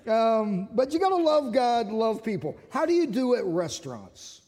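A man preaching a sermon as lead pastor, telling animated stories, acting out quoted voices and asking his listeners question after question. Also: sits high, a little slow, long reverb tail.

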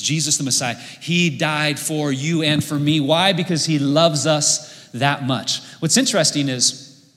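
A man preaching a sermon, retelling a Bible story with loud bursts of emphasis and hushed, quiet asides. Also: a little high. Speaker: pastor. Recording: long hall reverb.

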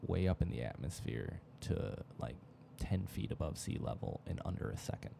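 This deep-voiced young podcast co-host chats in a loose, rambling way, dropping fillers and now and then a curse. He speaks at a moderate pace with expressive delivery and vocal fry, and there's noise behind him.

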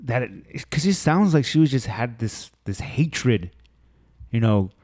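A man hosting a casual podcast interview, relaxed, with lots of affirmations and casual swearing. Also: mid-range voice, measured pace. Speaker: podcast host.

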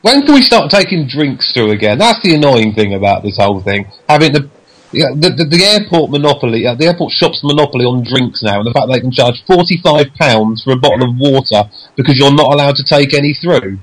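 A man co-hosting a casual podcast, chatty and digressive, with lively jumps in pitch. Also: a little fast, low-quality recording. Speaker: podcast co-host. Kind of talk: casual chat.

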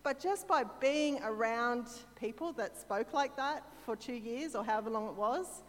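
A woman's voice: fairly high pitch, normal speed, big-room sound. A woman with an Australian accent giving a conversational sermon, telling stories with chatty, self-deprecating asides. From Sydney, Australia. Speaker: church speaker.

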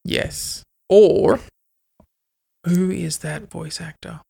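An Australian woman co-hosts a podcast in loose, playful chat, drifting from joke to joke. Her voice carries a slightly gravelly, fry-tinged texture. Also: fairly low pitch, fairly even intonation, very slow, dark tone. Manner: playful, jokey, rambling. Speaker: podcast co-host. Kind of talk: casual chat.

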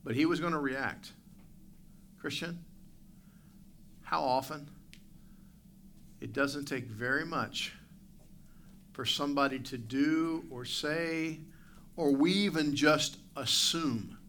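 Bright-voiced male pastor preaching. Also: fairly high pitch, takes it slowly, pauses often, a little hiss or hum. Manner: animated preaching, acts out barking dog and asides to the congregation. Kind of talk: sermon. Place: church sanctuary.

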